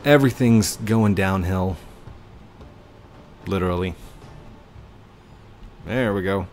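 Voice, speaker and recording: A man hosting a gaming video, commentating in an excitable, rushed and joking manner. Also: low voice. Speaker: gaming channel host. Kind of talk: game commentary.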